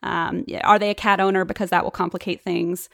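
A woman's voice: fairly low pitch, flat delivery, a little fast, gravelly, no echo, clean studio sound. Earnest rambling church dog-daycare lady, as a woman plays her. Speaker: guest. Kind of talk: improvised comedy podcast.

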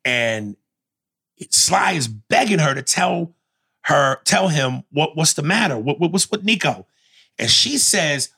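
Male co-host, bright, forceful voice, excitable and profane in casual recap chat. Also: a little high, takes it slowly, gravelly, slightly rough. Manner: animated, profane storytelling with loud outbursts.

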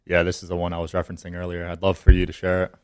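A man hosting a podcast, giving quick, encouraging prompts to his guest. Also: low voice, completely flat delivery, darkish tone, clear, resonant tone, no room sound, studio quality. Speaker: podcast host. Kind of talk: interviewing, brief backchannels.

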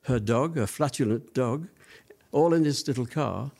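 An older man recalls his past for an interviewer in an ordinary mid-range voice. He wanders through his story, pausing on fillers and restarting sentences as the memories surface. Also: mid-range voice, vocal fry, dark tone. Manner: rambling reminiscing with many fillers. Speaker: interview guest.

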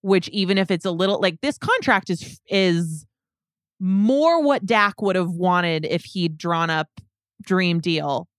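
A woman's voice: fairly low pitch, expressive, slow, no room sound, clean studio sound. A woman co-hosting a sports podcast, explaining contract details step by step in casual talk. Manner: analytical, explains points step by step. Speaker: podcast co-host.

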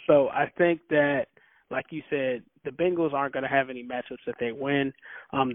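A man speaks in a relaxed, matter-of-fact way as a sports podcast co-host. His voice sits at an average pitch. It sounds dry and close, squeezed through a phone-like line. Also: dry recording. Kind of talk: casual sports podcast chat.

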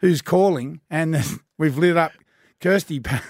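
A man's voice: on the high side, unhurried, darkish tone, dry recording. A man, co-hosting a radio show in the studio with playful, teasing banter. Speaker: radio co-host. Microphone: studio microphone.

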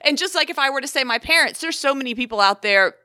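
A woman's voice: high voice, animated, fast talker, sharp tone, no room sound, studio quality. A young woman from the American South, co-hosting a podcast in a casual, chatty way and laughing often. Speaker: podcast co-host.

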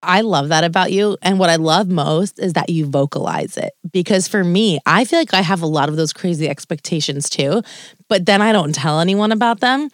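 A woman's voice: fairly low pitch, fairly quick, no echo, studio quality. A young woman co-hosting a podcast, chatting casually and animatedly, swearing freely. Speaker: podcast co-host. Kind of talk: casual chat.

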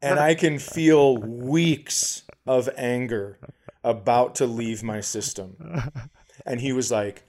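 A man's voice: medium pitch, fairly even intonation, slow pace, darkish tone. A man co-hosting a podcast, telling a story in casual chat, acting out the quotes and swearing a lot. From American Midwest. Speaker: podcast co-host, comedian.

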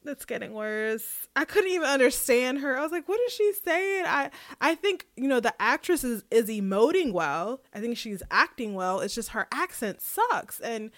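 Woman podcast co-host, fairly high voice, chatty recap, laughs easily, dry close mic. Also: normal speed, few pauses, no room sound. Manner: chatty, laughs often, animated when retelling scenes. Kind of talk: casual chat.

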